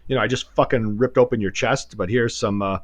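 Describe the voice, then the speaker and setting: A man tells a long, rambling, profane story on a podcast. His voice sits at an ordinary middle pitch, and he laughs at his own tale as he goes. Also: steady tone, a little fast. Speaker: podcast co-host. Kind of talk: casual storytelling.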